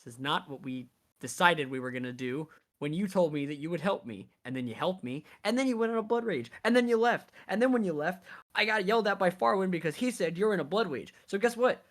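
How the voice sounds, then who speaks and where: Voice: mid-range voice, lively intonation, quick pace. Exasperated, profane tabletop player. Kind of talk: in-character roleplay rant.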